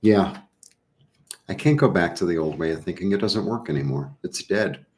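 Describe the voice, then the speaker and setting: A man with a very low voice talks his way through a casual live tarot reading. He is middle-aged and rambles, breaking off into lively little asides. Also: normal speed. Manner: chatty, rambling, animated asides. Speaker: tarot reader.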